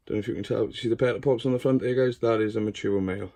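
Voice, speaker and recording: A man with a lowish voice talks casually through a tour of his tarantula collection in his bedroom. He swears freely and chats to the spiders, coaxing and scolding them as he films. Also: steady tone, very fast, gravelly, hardly any pauses, mellow. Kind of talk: casual room-tour vlog. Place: bedroom at home.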